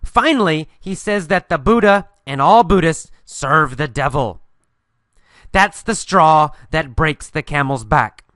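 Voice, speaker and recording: A man teaching an English listening lesson, telling a mini story and repeating each line slowly and clearly for learners. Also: fairly high pitch, animated, fairly bright tone, dry recording, studio quality. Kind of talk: guided story narration with instructions.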